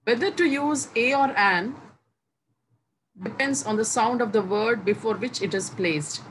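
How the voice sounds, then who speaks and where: A woman teaching English grammar, explaining each rule slowly and repeating the example words one by one with pauses between phrases. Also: a little high, fairly bright tone, poor audio. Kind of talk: slow, deliberate classroom explanation. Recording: faint background noise.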